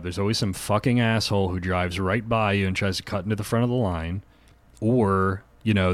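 A man, co-hosting a podcast, telling a profane, ranting story in casual chat. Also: low voice. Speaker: podcast co-host.

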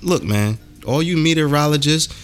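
A man hosting a podcast, ranting in a loose, profane way. His voice sits a little low, with soft music faint behind him. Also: normal speed. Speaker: podcast host. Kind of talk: casual chat.

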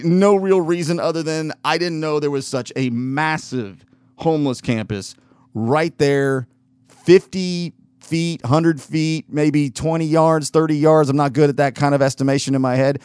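A podcast host tells a casual story in a rambling way, interrupting himself with lots of restarts, fillers, and laughs. His voice is a little high with a darkish tone, and there's no echo.

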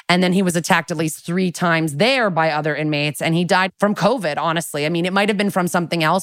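Chatty low-pitched woman, dry close sound. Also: fairly bright tone, no room sound. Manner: chatty, swears casually, lots of "like" fillers. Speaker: podcast co-host. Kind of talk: casual true-crime podcast chat.

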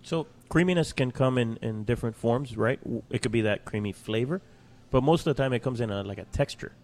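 Male co-host, mid pitch, chatty and teasing. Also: fairly quick, a little mellow. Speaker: podcast co-host. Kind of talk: casual chat.

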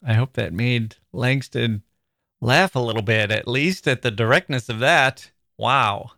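A man hosting a literary podcast, thoughtful and expressive as he reads and explains. His voice sits in a middle pitch. The sound is dry and close, with no room around it. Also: measured pace, gravelly, no room sound. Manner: thoughtful and expressive, reading aloud with feeling. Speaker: podcast host.

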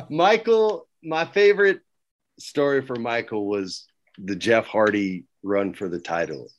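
A middle-aged man telling stories as a guest, lively and laughing as he acts out quoted lines. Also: lowish voice, a little slow, muffled recording. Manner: laughs often while talking. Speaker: guest recalling work as a wrestling writer. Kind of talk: casual anecdote-telling.

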